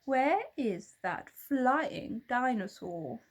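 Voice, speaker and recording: A woman's voice: fairly high pitch, lively intonation, extremely slow, voice pushed up, heavily acted. Lady doing a nasty evil hunter guy, menacing, barks his lines, storybook read-aloud. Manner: menacing whisper, barking.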